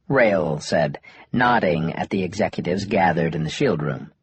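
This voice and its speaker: A man narrating an audiobook in a steady storytelling manner. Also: sits low, unhurried, husky, no echo. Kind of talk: scripted narration.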